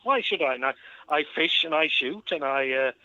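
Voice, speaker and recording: A man's voice: a little high, lively intonation, normal speed, bright, forceful tone, dry recording. A man calling in to a comic chat show, joking in a mock-posh way and calling the host dear boy. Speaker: caller. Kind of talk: casual comic phone chat. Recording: muffled phone-line call.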